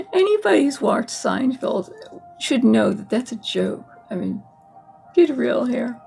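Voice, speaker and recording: Gravelly-voiced sarcastic woman vlogger. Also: a little high, expressive, unhurried, soft background music. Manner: sarcastic, laughing at her own points. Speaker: political commentary vlogger. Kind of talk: casual political monologue.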